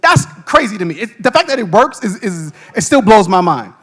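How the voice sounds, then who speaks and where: A middle-aged man hosting a podcast, telling stories to a live audience with quick restarts, frequent laughs and a habit of asking "right?". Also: high voice, very animated, a bit bright. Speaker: podcast host. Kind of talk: animated storytelling to a live audience.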